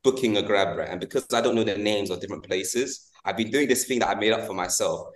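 A man's voice: on the low side, quick pace, echoey room. A British man in his twenties chatting on a podcast, rambling with lots of fillers and laughing often. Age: 20s. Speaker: guest podcast host. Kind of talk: casual podcast chat.

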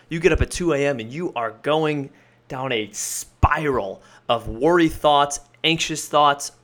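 Motivational podcast guy, kinda high voice, punchy coaching tone, numbered tips. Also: a bit bright. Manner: emphatic, coaching, lists points and repeats them. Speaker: podcast host.

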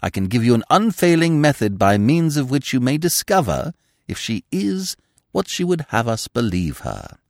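A man reading a story voices a suave, verbose young gentleman with a florid, ironic manner. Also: medium pitch, sing-song, normal speed, dry recording, studio quality, pitched above the performer's own voice. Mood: urbane.

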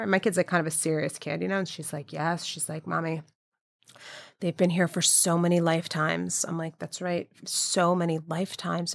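A woman, a guest DJ telling a lively story in casual chat. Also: creaky, no room sound, studio quality. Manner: animated, acts out quotes with big pitch jumps.

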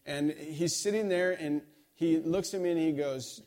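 Middle-aged male pastor, sermon delivery, somewhat high-pitched, chatty storyteller who voices the people in his stories. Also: moderate pace, darkish tone. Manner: conversational storytelling, acts out quoted dialogue.

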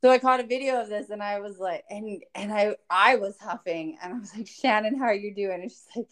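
Woman chatting, animated storyteller, does little voices for everyone, laughs a lot. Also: medium pitch, fairly quick. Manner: animated, quotes others in acted voices, laughs often. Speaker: co-host, daughter. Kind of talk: casual storytelling chat.

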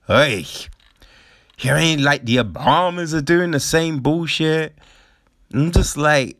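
Young male host, rambling profane commentary, animated swings in pitch, unhurried delivery. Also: dry recording, clean studio sound. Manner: rambling, swears a lot, animated.

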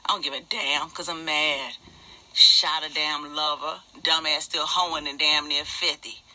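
A man's voice: a little high, creaky, bright, forceful tone, exaggerated voice. A man doing a furious foul-mouthed woman. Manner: profane, fast, indignant ranting. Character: furious middle-aged woman, former nurse, single mother. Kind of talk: ranting stand-up character monologue.

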